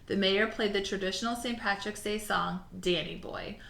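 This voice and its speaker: A woman teacher reading a storybook aloud to her class and then giving assignments in a clear, encouraging way. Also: mid-range voice, fairly even intonation, fairly bright tone. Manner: clear, encouraging, slightly halting when speaking freely. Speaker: elementary school teacher. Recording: roomy echo.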